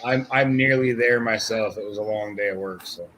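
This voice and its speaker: A man chatting in an unhurried, laid-back way on a casual group video call. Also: fairly low pitch, a crowd in the background.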